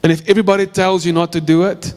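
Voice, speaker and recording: Man preaching, South African accent, high voice, ringing church hall, earnest storytelling. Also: little pitch movement, quick pace, a little mellow. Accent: South African English. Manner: earnest storytelling preaching, repeats phrases for emphasis. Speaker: pastor. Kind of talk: sermon.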